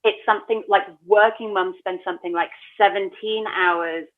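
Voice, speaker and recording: A woman's voice: medium pitch, steady tone, normal speed. A woman co-hosting a casual reality TV podcast, candid and sweary, sharing strong opinions. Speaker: podcast co-host. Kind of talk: casual chat. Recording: tinny phone-like line.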